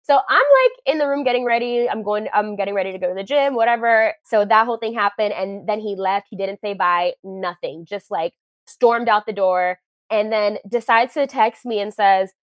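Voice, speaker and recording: A woman's voice: medium pitch, moderate pace, no room sound. A young woman calling in to a podcast, animatedly retelling a story with many fillers and acted-out quotes. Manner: animated retelling, acts out others' lines, many "like"s. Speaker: caller. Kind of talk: casual storytelling on a call-in show.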